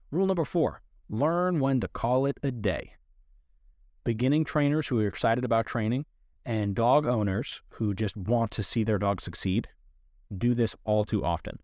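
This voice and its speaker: Male dog trainer, mid-pitched, earnest explainer, dry close mic. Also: darkish tone, no room sound. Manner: earnest, explanatory, talks to listener directly. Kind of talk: instructional podcast talk.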